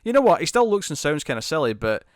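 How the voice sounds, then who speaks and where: A man co-hosting a podcast in casual chat, animated and laughing often, restarting sentences as he recaps TV episodes. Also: a little high, fast, no room sound, clean studio sound. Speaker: podcast co-host.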